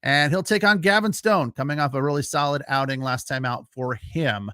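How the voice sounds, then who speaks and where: A man's voice: mid-range voice, moderate pace, sharp tone, clear, resonant tone, no room sound, clean studio sound. A man hosting a solo postgame sports podcast, talking casually with lots of fillers and reacting to live chat. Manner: casual, chatty, frequent fillers, laughs easily.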